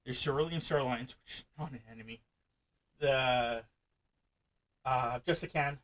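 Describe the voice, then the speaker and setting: A man hosting a casual let's-play chat about a strategy game, hyper, loud and fast-talking. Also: medium pitch, low-quality recording. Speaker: gaming channel host. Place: hot room at home.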